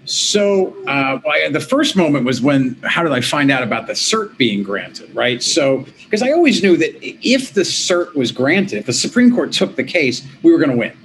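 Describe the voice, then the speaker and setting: A middle-aged man, an interview guest, telling his story in a lively, conversational way, with quick restarts and quoted voices. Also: a little high, a little hiss or hum, low-quality recording. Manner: animated, quick restarts, quotes himself and others.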